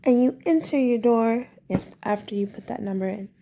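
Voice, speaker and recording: A woman's voice: fairly high pitch, moderate pace, gravelly, dark tone. A woman vlogger telling a personal story in a casual, rambling way, trailing off and restarting, recorded at home in her bedroom. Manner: rambling, meandering, with frequent restarts.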